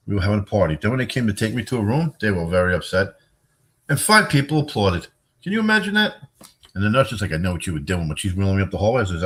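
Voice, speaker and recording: Rambling husky low-voiced man. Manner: rambling, jokey, swings into high squeaky bits. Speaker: livestream host. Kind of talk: rambling casual livestream.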